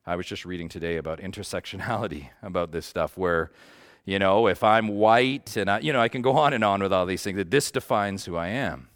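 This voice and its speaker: A man's voice: sits low, fairly quick, a bit bright. A man teaching a Bible study group in a conversational way, earnest and passionate, often checking in with his listeners.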